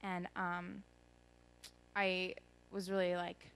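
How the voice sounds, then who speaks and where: A woman's voice: medium pitch, steady tone, moderate pace, poor audio. Earnest young woman sharing a testimony. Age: young adult. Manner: earnest, rambling, many ums. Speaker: speaker giving a testimony. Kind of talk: personal testimony at a church gathering.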